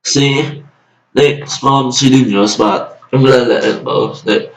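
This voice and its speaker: A man's voice: medium pitch, takes it slowly, far from the mic. Exasperated man ranting, echoey room. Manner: exasperated, swearing, mocking. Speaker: vlogger. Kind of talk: ranting commentary. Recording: echoey room, away from mic.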